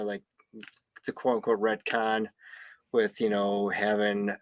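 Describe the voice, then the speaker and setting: A man who is a guest on a casual chat show, speaking in a halting, thoughtful way. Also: mid-range voice, no room sound.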